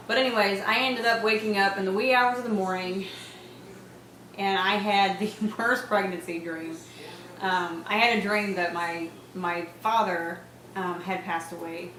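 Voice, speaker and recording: A woman in her thirties talks through a casual home vlog at an ordinary pitch. She rambles, laughs often and leans on fillers. The room sounds echoey, with a faint hum behind her. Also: fairly bright tone. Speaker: vlogger. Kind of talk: casual pregnancy update vlog.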